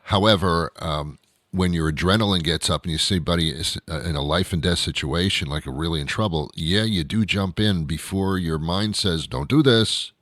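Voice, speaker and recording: Man, talk show host, very low voice, dry sound, sardonic, rambling, lots of uh and restarts. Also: moderate pace, a bit bright, no room sound. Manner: sardonic, grumbling, many fillers and restarts. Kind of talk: casual rambling monologue.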